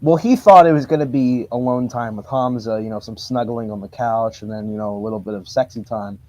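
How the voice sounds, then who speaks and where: A man's voice: medium pitch, brisk, darkish tone, no echo, muffled recording. A man co-hosting a live chat show, rambling casually with crude, self-mocking humor.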